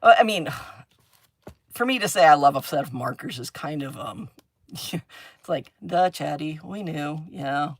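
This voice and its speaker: A woman's voice: low voice, very animated, unhurried, pauses often, breathy edge, dry recording. A woman chats her way through a crafting livestream, talking to viewers while she works. She rambles from thought to thought, laughs often, and hums little sound effects as she draws. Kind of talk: casual chat while crafting.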